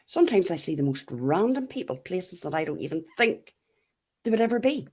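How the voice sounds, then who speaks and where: A woman's voice: on the low side, sing-song, a little fast, a little mellow, husky. A middle-aged Irish woman chatting casually as she answers live comments, blunt and laughing often. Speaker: YouTube livestream host.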